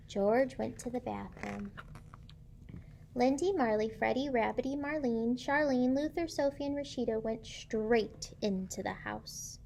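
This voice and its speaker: A woman teacher reading a picture book aloud to children, pausing to ask them gentle questions. Her voice sits fairly high with a gravelly fry. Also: slight background noise.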